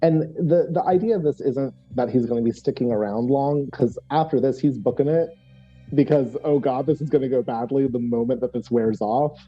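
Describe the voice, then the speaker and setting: A man's voice: mid-range voice, moderate pace, dark tone, highs cut off, soft background music. A man playing a tabletop role-playing game, explaining his character's move with many restarts and fillers. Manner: hesitant, many restarts and fillers, laughs often. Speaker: player.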